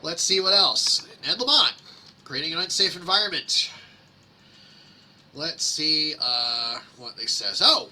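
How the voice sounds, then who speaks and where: A man with a husky, sharp-edged voice hosts a casual screen-share, reading complaints aloud and mocking them. His delivery is sarcastic and rambling, full of ums and uhs, pitched a little high with a very bright tone. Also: big pitch swings, slow pace, pauses often. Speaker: host reading public complaints.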